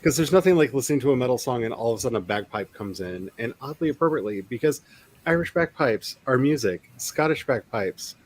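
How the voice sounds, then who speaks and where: A man's voice: medium pitch, expressive, brisk. A man who is an author hosting a casual writing live stream, rambling with chuckles and reading chat comments aloud.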